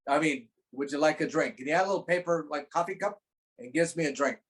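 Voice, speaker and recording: A man's voice: a little high, fast talker, poor audio. A man, a guest actor, telling a rambling anecdote in casual chat on a video call, acting out the voices he quotes.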